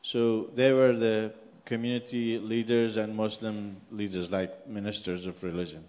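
A man's voice: fairly low pitch, little pitch movement, long reverb tail, muffled recording. A man from Iran with an Iranian accent, earnestly answering questions as a guest at a church gathering. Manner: earnest, speaking slowly with a foreign accent. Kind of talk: church interview.

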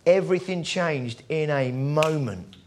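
A male preacher tells his sermon like a story over coffee, slipping into the voices of the people he describes. His voice sits a little high for a man. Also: a little slow, darkish tone, slight background noise. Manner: conversational storytelling, acts out quoted voices.

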